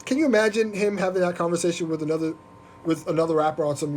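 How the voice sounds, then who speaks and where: A podcast host ranting on a live stream in an animated, profane, mocking way. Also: male voice, high voice, fast talker, a little hiss or hum. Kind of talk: casual live-stream rant.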